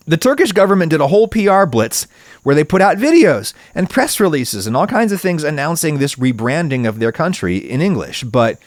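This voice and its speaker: A male podcast host delivering a solo monologue in a wry, opinionated, chatty manner. His pitch swings freely up and down as he talks, and the sound is close and dry, with no room echo.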